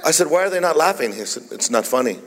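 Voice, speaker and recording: A male pastor delivers his sermon in a playful, joking manner, spinning funny stories between scripture readings. His voice sits a little high for a man. The sound carries the long echo of a large hall. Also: lively intonation, fast talker, background noise. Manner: playful, jokey storytelling preacher.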